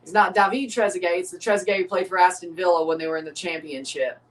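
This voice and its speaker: A woman's voice: fairly low pitch, steady tone, quick pace, far from the mic, low-quality recording. Streamer host, woman, loose joking match chatter, set back from the mic. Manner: rambling, joking, reads out chat. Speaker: livestream host. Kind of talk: casual watchalong commentary.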